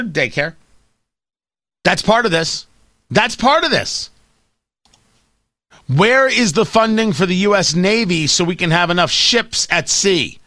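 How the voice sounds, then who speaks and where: A man's voice: high-pitched, expressive, slow pace, long pauses, bright, forceful tone, no room sound. A man hosting a talk radio show, delivering an opinionated, sarcastic monologue into a studio microphone. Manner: sarcastic, mocking, does voices.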